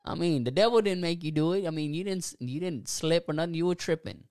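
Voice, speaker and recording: A young man talking casually about faith and self-forgiveness on a podcast, animated and preachy, laughing often. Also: a little high, brisk, clear, resonant tone, no room sound, clean studio sound. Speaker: podcast co-host.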